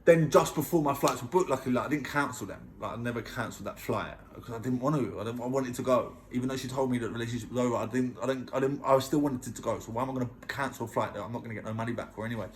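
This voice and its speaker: A man's voice: mid-range voice, rapid-fire, few pauses, slight background noise. A man earnestly telling his own story in a casual vlog, emphatic and often checking in with the listener.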